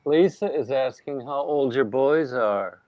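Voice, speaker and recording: A man's voice: medium pitch, a little slow, no echo, dull audio. A man hosting a casual live stream, reading viewer comments aloud and laughing often. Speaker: stream host.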